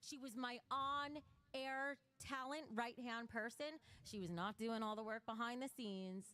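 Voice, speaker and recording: A woman's voice: a little high, steady tone, a little slow, sharp tone, clear, resonant tone. Blunt, profane woman streamer. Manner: blunt and profane, emotional, reading chat donations. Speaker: livestream host. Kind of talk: casual livestream chat to viewers.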